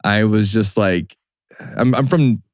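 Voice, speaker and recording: A man's voice: fairly low pitch, slow pace, dry recording, clean studio sound. A young man from New Mexico, a hat maker and guest, telling stories in a laid-back, slangy way. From New Mexico, USA. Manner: laid-back, slangy, acts out quoted people. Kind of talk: casual storytelling.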